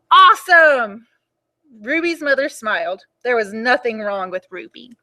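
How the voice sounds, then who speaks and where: A young woman reading a picture book aloud for children at storytime, in an animated and expressive way. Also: on the high side, normal speed.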